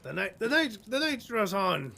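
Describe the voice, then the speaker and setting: A man doing a gravelly old hound-keeper. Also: sits high, big pitch swings, normal speed, sharp tone, a little hiss or hum, pitched above the performer's own voice, exaggerated voice. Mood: genial. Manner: folksy, calls others lad.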